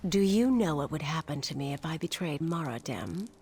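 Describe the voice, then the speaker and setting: A woman's voice: sits low, lively intonation, normal speed, a little mellow, husky. An actress voicing a wary, secretive female informant in a video game, curt and guarded.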